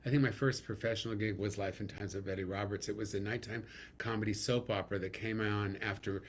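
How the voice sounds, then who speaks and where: A middle-aged man from New York, a guest comedian telling stories in a casual interview, animated and theatrical. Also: lowish voice, fast talker, slight background noise.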